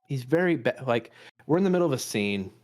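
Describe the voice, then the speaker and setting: A man's voice: mid-range voice, animated, quick pace, darkish tone, soft background music. Rambling casual man telling a story. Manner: rambling, self-deprecating, frequent restarts and swearing. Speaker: podcast co-host; improv performer and dad.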